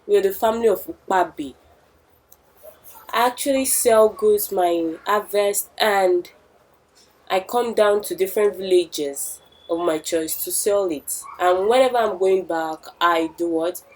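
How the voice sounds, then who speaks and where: A man's voice: sits high, measured pace, poor audio. Humble village farmer read by a woman storyteller, earnest, respectful, takes his time. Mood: explaining. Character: humble middle-aged village farmer father.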